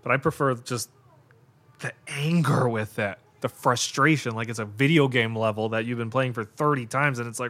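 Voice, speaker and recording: In a medium-pitched, slightly bright voice at ordinary speed, a man hosting a podcast riffs casually on a movie as he watches it live. Expect exclamations, profanity, laughter and a steady stream of "like" and "God."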